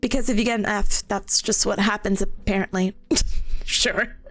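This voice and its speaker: A woman's voice: medium pitch, steady tone, moderate pace, fairly bright tone, dry recording, faint music behind. A young woman streaming live in a casual chat, who giggles and laughs often. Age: young adult.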